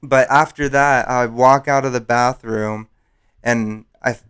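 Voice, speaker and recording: Brief: male podcast host, mid pitch, smooth and clear, swearing storyteller. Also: slow pace. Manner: profane, rambling, animated. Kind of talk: casual storytelling.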